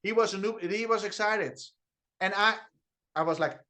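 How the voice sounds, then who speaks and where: A man with a Dutch accent, unusually high-pitched for a man, speaks with eager enthusiasm on a video call. He hammers home key phrases over and over, tripping over quick restarts as he pushes his team. He sounds like a trainer fired up about his message. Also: sharp tone. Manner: enthusiastic, repetitive, with restarts and stutters. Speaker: network marketing trainer. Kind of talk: energetic online training talk.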